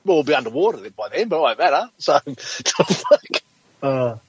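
Exasperated man, husky and lively. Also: on the high side, moderate pace, no echo, lo-fi sound. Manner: sweary, exasperated, animated. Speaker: podcast host. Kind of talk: casual comedic chat.

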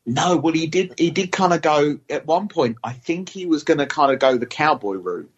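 A man's voice: fairly high pitch, lively intonation, normal speed, breathy edge, muffled recording. A man chatting casually on a video call, telling a self-deprecating story about a repair. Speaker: podcast guest. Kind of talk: casual chat, anecdote.

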